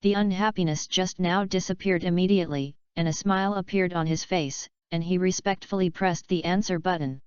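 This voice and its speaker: A woman reads an audiobook in a steady, even way. Her voice is low and very clear. The recording is dry and slightly dull and lo-fi. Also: brisk, hardly any pauses, dry recording. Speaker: audiobook narrator. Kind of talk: scripted narration.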